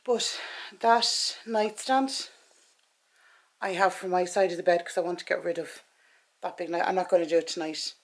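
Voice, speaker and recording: A woman's voice: on the low side, fairly even intonation, normal speed, pauses often. A woman in her forties with an Irish accent, chatting to camera in her bedroom at night, out of breath and tired, rambling and correcting herself as she goes. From Ireland. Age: 40s. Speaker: vlogger. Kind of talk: casual chat to camera.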